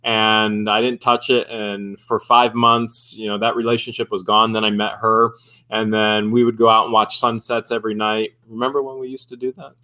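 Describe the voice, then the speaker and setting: A man speaking as a guest in a casual chat, telling his story in a loose, halting way. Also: fairly low pitch, monotone, bright, forceful tone.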